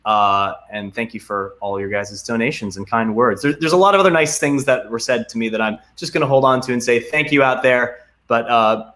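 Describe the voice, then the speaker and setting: A man's voice: mid-range voice, brisk, hardly any pauses, fairly bright tone, a little hiss or hum. A young man chatting casually on a video call as a guest actor, reading out donor names with many ums and uhs and sounding grateful.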